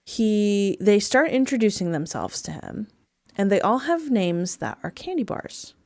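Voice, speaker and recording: Casual lady telling a whole movie plot, lots of ums, dry room, middle pitch. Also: big pitch swings, gravelly, a little mellow, no echo. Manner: rambling, filler-heavy storytelling with quick acted-out quotes. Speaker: podcast host recapping a movie. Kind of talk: casual comedic movie recap.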